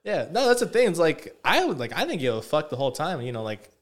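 A man's voice: fairly high pitch, sing-song, fast talker. A young man co-hosting a podcast, telling stories in a rambling, profane, casual chat. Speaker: podcast co-host.

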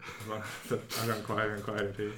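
A man's voice: fairly low pitch, completely flat delivery, fast talker, sharp tone, echoey room, slight background noise. A man co-hosting a podcast, chatting enthusiastically and teasing his friend. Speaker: podcast co-host. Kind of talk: casual chat.

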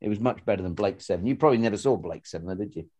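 A man's voice: fairly low pitch, rapid-fire, dark tone. A man co-hosting a casual podcast, talking in rambling sentences full of restarts and fillers. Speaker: podcast co-host.

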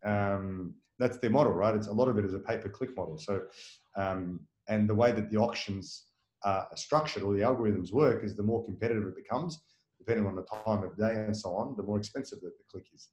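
A man runs through his points at a rapid clip, full of fillers and restarts, often tagging them with "right?". His voice sits a little low. It is recorded in an echoey room. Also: darkish tone. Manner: fast, rambling, many fillers and restarts, tags "right?". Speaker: marketing agency owner, guest. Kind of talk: casual interview talk.

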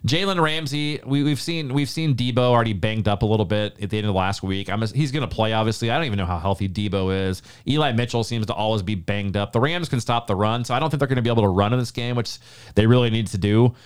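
A man's voice: on the low side, fast, clear, resonant tone. A man co-hosting a sports podcast, talking casually and confidently about football predictions. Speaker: podcast co-host.

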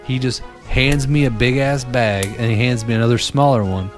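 Animated man telling a story. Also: mid-range voice, moderate pace, faint music behind. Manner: animated, swearing, acts out quoted voices. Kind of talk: casual storytelling chat.

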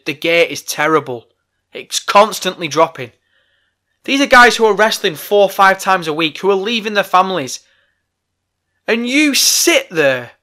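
A man's voice: high voice, sharp tone. A man hosting a podcast, delivering a heated, profane, exasperated rant. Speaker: podcast host. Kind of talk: ranting podcast monologue.

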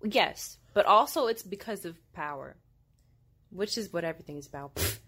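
A woman's voice: on the low side, normal speed, breathy edge. A young woman giving chatty, casual commentary while watching a movie, using plenty of fillers. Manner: chatty, filler-heavy, animated.

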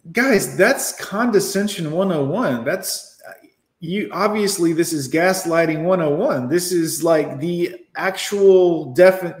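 A man rants at his chat in sarcastic, profane bursts as he reacts to posts on a livestream. His voice sits a little high. The room gives it a noticeable echo. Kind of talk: ranting live commentary.

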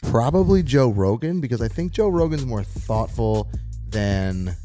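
A man's voice: medium pitch, very animated, unhurried, dark tone, faint music behind. A young man co-hosting a podcast in casual chat, thinking aloud with hesitant ums. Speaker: podcast co-host.

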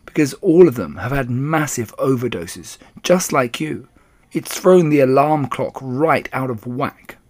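Brief: man putting on a prim, no-nonsense grandmother over 70, brisk and firm. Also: medium pitch, expressive, darkish tone. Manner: prim, matter-of-fact.

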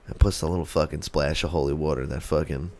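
Young male podcast host, very low voice, profane and animated comic storyteller. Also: fast talker. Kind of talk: comedic storytelling.

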